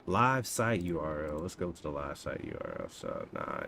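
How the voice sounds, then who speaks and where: A man in his thirties casually chatting to himself and his viewers while coding, relaxed and slangy. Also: a bass voice, creaky, slight background noise. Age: 30s. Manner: laid-back, talks to himself, drawn-out slangy asides. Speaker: coding streamer. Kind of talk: casual live-stream chat while coding.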